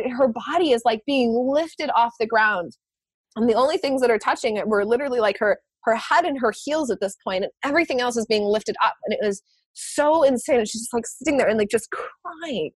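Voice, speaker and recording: A woman telling a personal story in casual conversation, animated, laughing often and swearing casually. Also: a little high, brisk, husky, dry recording.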